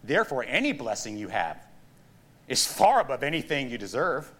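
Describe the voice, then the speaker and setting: A middle-aged man pastor preaching a sermon, telling stories with animated asides and laughs. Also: mid-range voice, normal speed.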